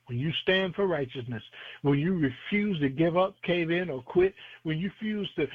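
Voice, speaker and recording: A man's voice: high voice, husky, dry recording. A man preaching a radio sermon with fervent, rhythmic phrasing, repeating lines and quoting scripture. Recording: tinny phone-line sound.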